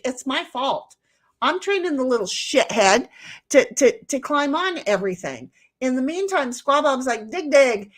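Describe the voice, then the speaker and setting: A woman's voice: a little high, fairly bright tone. Chatty, blunt Southern woman streamer. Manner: chatty, blunt, swears freely, trails off mid-sentence. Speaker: livestream host reading chat. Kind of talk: casual rambling chat.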